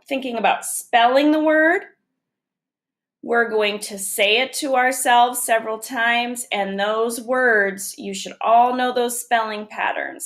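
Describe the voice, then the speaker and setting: A woman's voice: a little high, fairly bright tone. A woman teacher giving a recorded phonics lesson to young children, patiently sounding out letters and syllables one by one.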